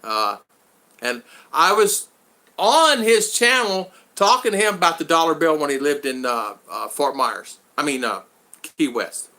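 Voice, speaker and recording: A man hosting a casual live stream, rambling and thanking his viewers one by one, his voice going hoarse after hours of talking. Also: fairly high pitch, big pitch swings, a little slow, pushed and bright.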